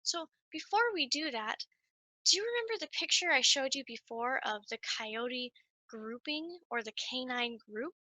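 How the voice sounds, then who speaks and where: A woman giving a lively, sing-song nature lesson to young children while playing a coyote mascot. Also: sits high, moderate pace, dry recording. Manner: animated, sing-song, speaks straight to children.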